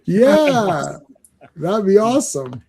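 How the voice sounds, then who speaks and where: A man's voice: high voice, sing-song, slow pace, a little mellow, breathy edge. A man co-hosting a casual comic book podcast, laughing often and quoting comedy lines. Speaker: podcast co-host.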